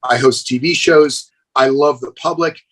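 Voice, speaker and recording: A middle-aged fitness trainer from the United States is a guest on a casual podcast interview, speaking in a mid-range, unhurried voice with a breathy edge. He tells stories enthusiastically and animatedly, calling the host "dude". The audio is poor.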